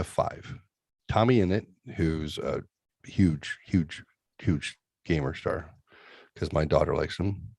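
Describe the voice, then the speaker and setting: Middle-aged male host, deep voice, dry close sound, loose crude joking banter. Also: vocal fry, a little mellow, no room sound. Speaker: podcast host. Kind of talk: casual chat.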